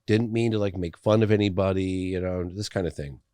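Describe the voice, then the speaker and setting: A middle-aged man, a documentary filmmaker, telling a story as a guest in a podcast interview, animated and loose with fillers. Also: low voice, fairly quick, clean tone, no room sound, studio quality.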